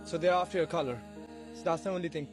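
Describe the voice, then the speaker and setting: Man from Pakistan, street interviewee, quick, earnest, music bed loud. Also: fairly high pitch, fairly even intonation.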